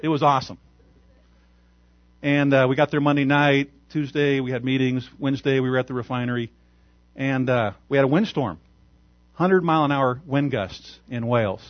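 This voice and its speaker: A man's voice: mid-range voice, normal speed, no echo, dull audio. Man preaching, story-driven sermon. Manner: storytelling, animated, chuckles often. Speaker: pastor.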